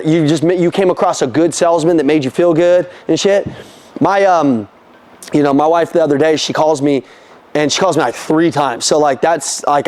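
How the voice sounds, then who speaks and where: A man coaching a sales team in a lively, profane talk, acting out conversations with customers. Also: on the high side, a little fast. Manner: animated, profane, acts out customer dialogue. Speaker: sales trainer. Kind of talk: live sales training talk.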